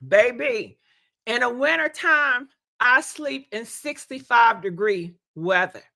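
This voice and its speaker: A woman chatting casually on a livestream, animated and laughing often, her voice congested and hoarse from being sick. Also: a little high, slow, no room sound. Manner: chatty, animated, laughs often, addresses viewers as y'all and honey. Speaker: livestream host.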